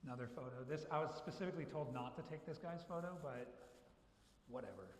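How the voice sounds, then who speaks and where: A man's voice: on the high side, fast talker, slight background noise. A man, a photographer, telling casual anecdotes to a club audience, acting out the dialogue as he goes. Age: adult who was a child in the 1980s. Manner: chatty and anecdotal, acts out quoted dialogue. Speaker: photographer giving a club presentation. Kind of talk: casual storytelling talk. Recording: echoey hall recording from a room mic.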